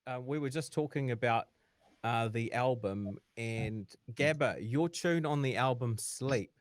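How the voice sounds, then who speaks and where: Relaxed male radio host, dry sound. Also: medium pitch, unhurried, no room sound. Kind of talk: radio interview hosting.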